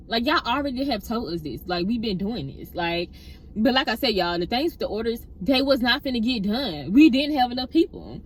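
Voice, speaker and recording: A woman's voice: fairly high pitch, moderate pace, slight background noise. Chatty young woman telling a story. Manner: chatty, keeps addressing listeners as y'all; animated retelling with acted-out quotes. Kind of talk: casual storytime.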